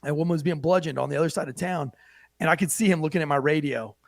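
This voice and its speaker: Fast-talking gravelly man telling stories. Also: a little high, no room sound. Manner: brash and profane, acts out the people he quotes. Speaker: co-host, police officer. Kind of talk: animated storytelling.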